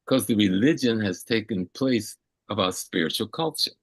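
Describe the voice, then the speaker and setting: Deep husky older man lecturing. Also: normal speed, no echo. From South Carolina, USA. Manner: emphatic, repeats phrases for weight. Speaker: elder guest. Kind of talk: interview answer, lecturing.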